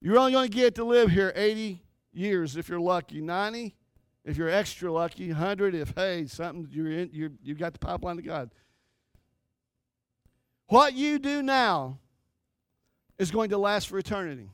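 High-voiced man preaching with passion. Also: expressive, moderate pace, pauses often, fairly bright tone, smooth, no room sound, studio quality. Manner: impassioned preaching, rising and falling emphasis. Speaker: pastor. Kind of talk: sermon.

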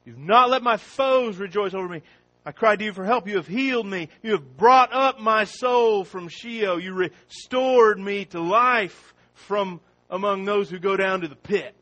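A man preaching a sermon. He opens with a prayer, then reads scripture slowly and with rising force. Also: high voice, poor audio. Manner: slow and deliberate, rising loud when reading scripture.

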